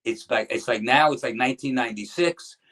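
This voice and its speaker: A New Jersey man, a former pro wrestler appearing as a guest, tells stories in a casual interview, speaking fairly quickly with a medium-pitched, slightly bright voice. He rambles, restarts often, and acts out what others said.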